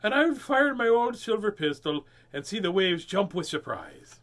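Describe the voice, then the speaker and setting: A man's voice: sits high, very animated, moderate pace, fairly bright tone, pitched above the performer's own voice. A man reading a storybook aloud, voicing an old pirate woman who speaks sharply and bluntly. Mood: bold. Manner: blunt, commanding.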